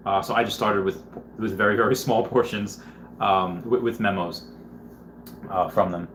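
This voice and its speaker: Reading viewer comments aloud during a casual livestream, a man rambles along, filling in with lots of fillers and restarting often. His lowish, fairly bright voice keeps a fairly even intonation at normal speed. There's slight background noise and a roomy echo.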